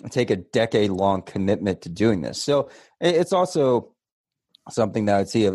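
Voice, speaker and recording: A man with a lowish voice co-hosts a podcast, talking in a loose, rambling way full of restarts and casual swearing. His voice is recorded dry and close. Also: a little mellow, dry recording. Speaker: podcast co-host. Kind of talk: casual chat.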